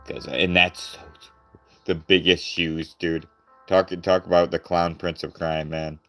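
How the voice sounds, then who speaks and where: A man's voice: deep voice, little pitch movement, takes it slowly, bright, forceful tone, faint music behind. A man chatting casually on a live stream, goofy and rambling, laughing often and trying out character voices.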